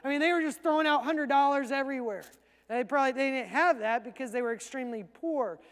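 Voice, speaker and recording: A male pastor preaching a sermon in a conversational way, acting out quick asides. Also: extremely high pitch, fairly bright tone, clean tone, long reverb tail.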